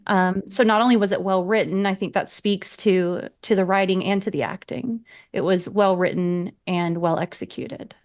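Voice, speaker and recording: A woman's voice: mid-range voice, steady tone, normal speed, few pauses, a little mellow. Chatty woman from Georgia, US. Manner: chatty, laughs often. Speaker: podcast guest. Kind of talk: casual film discussion.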